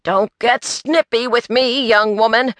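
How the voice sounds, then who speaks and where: A woman doing a cranky older man, gruff and accusing. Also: medium pitch, expressive, a little slow, bright, forceful tone, no room sound, clean studio sound. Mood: indignant. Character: cranky older male busybody.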